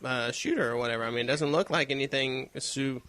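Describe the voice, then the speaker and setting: A man's voice: medium pitch, fast talker, a bit bright, slight background noise. A man co-hosting a casual gaming podcast, rambling and opinionated, with lots of fillers. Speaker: podcast co-host.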